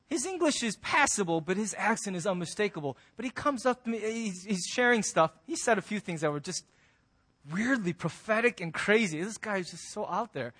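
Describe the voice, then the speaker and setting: High-voiced preaching man, emphatic. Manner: emphatic, humorous, swings between loud and soft. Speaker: pastor. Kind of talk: sermon.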